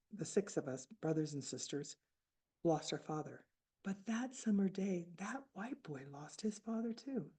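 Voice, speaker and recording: A woman in her seventies telling a personal story at a book fair, reflective and halting with restarts. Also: medium pitch, mellow, breathy edge. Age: 70s. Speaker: author speaking at a book fair.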